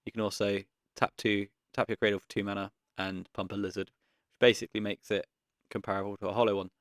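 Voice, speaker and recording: A man giving casual gameplay commentary, thinking aloud in a relaxed way with frequent pauses and ums. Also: fairly low pitch, no room sound, studio quality. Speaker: card game content creator.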